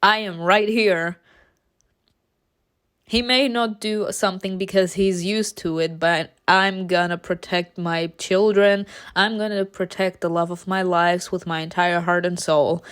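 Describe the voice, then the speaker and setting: A woman's voice: lowish voice, steady tone, unhurried, few pauses, clean tone. A young woman playing a story game, reading it aloud and reacting with giggly, playfully indignant outbursts. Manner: giggly, playfully indignant, over-the-top protective. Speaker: game streamer.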